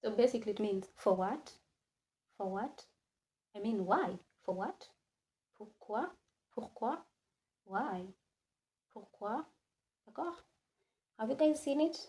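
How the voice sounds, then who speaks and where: A woman teaching French in a classroom, slowly repeating each word again and again and switching between English and French. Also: fairly high pitch, lively intonation, warm tone. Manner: slow, repeats words many times, mixes English and French. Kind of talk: classroom lesson.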